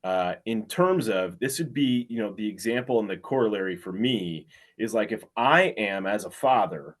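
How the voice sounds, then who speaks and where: Low-voiced man explaining with analogies. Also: animated, moderate pace. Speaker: co-host. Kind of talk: casual podcast discussion.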